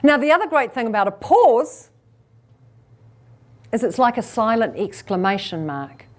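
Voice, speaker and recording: A woman with a somewhat high voice delivers a keynote on public speaking to a live audience in a room. She talks in a lively way and slips into quick asides that play out what listeners are thinking. She slows down and pauses on purpose to make her points land. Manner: uses deliberate pauses and shifts in pace for effect.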